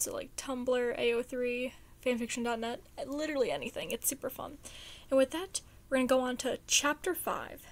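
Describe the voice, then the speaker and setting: A woman reads fan fiction aloud in a casual, expressive way. Her voice is high. She sounds chatty and relaxed between chapters.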